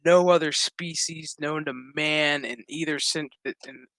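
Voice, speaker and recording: A cold, scheming alien queen speaking in haughty, theatrical tones, done by a man retelling a scene. The voice is bright and forceful. It is recorded dry and close. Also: fairly high pitch, steady tone, unhurried, dry recording.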